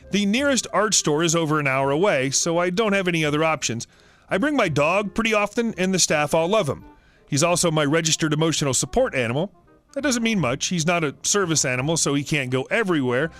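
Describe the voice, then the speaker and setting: Lively high-voiced male story narrator. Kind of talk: scripted narration of online stories.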